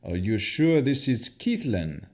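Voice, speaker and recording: A man's voice: medium pitch, sing-song, slow pace, a little mellow. A narrator voicing a wary male companion who sounds blunt and skeptical.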